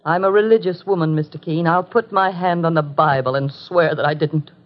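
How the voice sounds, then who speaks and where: A woman's voice: deep voice, a little fast, natural voice. An actress playing a desperate, tense middle-aged wife and mother in a 1950s radio drama, earnest and pleading. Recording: muffled 1950s radio broadcast.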